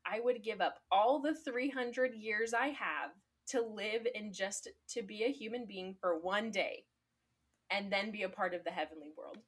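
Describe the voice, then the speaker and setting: A woman's voice: mid-range voice, a little slow, breathy edge. A woman reading aloud the lines of a young mermaid princess, sad and longing, in a plain read-aloud delivery. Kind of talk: reading a fairy tale aloud.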